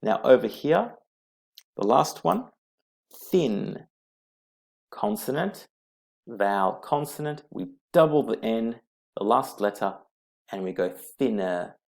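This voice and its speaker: A male English teacher works through grammar slides at an unhurried pace. His voice has a gravelly, fry-edged texture, and he spells out each rule letter by letter with patient repetition. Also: lowish voice, expressive, a little mellow. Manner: slow, patient, repeats rules letter by letter. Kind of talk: slide-based grammar lesson.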